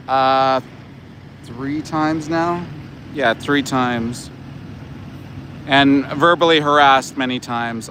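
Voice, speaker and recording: A man's voice: medium pitch, a bit bright, slight background noise. A middle-aged man doing livestream commentary outdoors, blunt, profane and indignant. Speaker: animal rights activist, livestreamer. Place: outdoors by a roadside.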